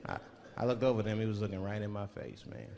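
A man performs stand-up comedy in a live hall, telling loose stories and slipping into voices as the audience laughs. His low, gravelly, warm voice stays steady in tone and moves fast, with a little hiss or hum in the recording.

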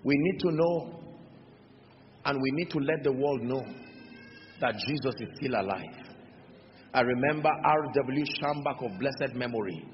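A man's voice: mid-range voice, measured pace, pauses often. A Nigerian pastor preaching a sermon to his congregation, building emphasis through repeated phrases and questions to the crowd. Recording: dull lo-fi recording in a large reverberant hall with faint noise.

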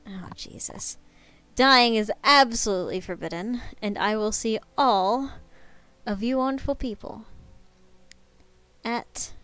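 A woman's voice: on the high side, takes it slowly, long pauses, a bit bright, clear, resonant tone. A young woman hosting a party-game live stream, chatting casually, teasing and swearing often at a home desk mic.

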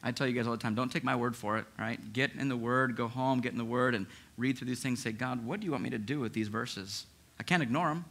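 Male pastor, conversational sermon, bright and forceful tone, animated. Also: mid-range voice, fast. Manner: animated, conversational preaching with frequent restarts; acts out listeners' inner objections.

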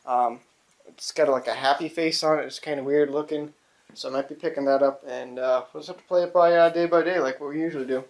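A small engine repair vlogger with a New England accent and a slightly higher-than-average male voice walks through fixing a mower in his garage. He talks fast in a fairly even tone, rambling with lots of ums and the occasional curse. His camera mic picks him up closer and farther as he moves.

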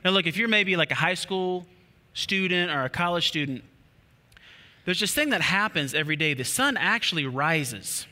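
A man preaching a sermon as a pastor, animated and repetitive, with playful asides to the congregation. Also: high-pitched, moderate pace. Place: church auditorium. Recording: long hall reverb.

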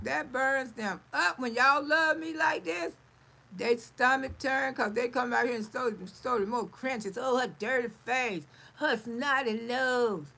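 A woman's voice: sits high, gravelly, pushed and bright, breathy edge, poor audio. A middle-aged woman hosting a live stream, chatting casually, reading viewer comments aloud, blunt and salty, laughing often.

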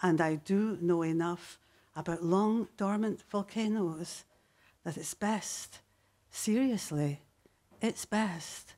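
A woman, a poet reading her poems and chatting between them on stage before a live audience, slow and deliberate with sudden fierce bursts. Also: lowish voice, mellow.

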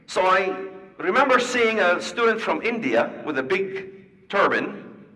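Male speaker, high and bright, animated storyteller, heard from a distance in a large reverberant hall. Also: a little slow. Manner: animated storyteller acting out dialogue. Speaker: speaker giving a talk. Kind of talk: storytelling talk to an audience.

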